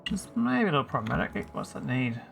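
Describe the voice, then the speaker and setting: A man's voice: mid-range voice, big pitch swings, brisk, creaky, fairly bright tone, soft background music. A man streaming a game, chatting casually and teasing his viewers while he thinks aloud. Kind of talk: casual live-stream chat while playing.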